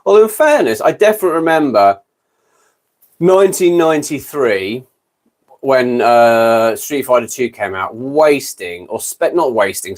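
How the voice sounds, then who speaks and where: A British man in his fifties hosting a casual livestream chat, rambling and correcting himself as he goes. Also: medium pitch. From Britain. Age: 50s. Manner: rambling, self-correcting, gabbling. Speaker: livestream host.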